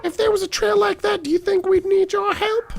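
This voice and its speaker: A shrill, sarcastic noir cop. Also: male voice, a little fast, gravelly, soft background music. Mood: snarky. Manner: snarky, deadpan put-downs. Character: shrill sarcastic police officer, animal noir world. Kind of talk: voicing game dialogue.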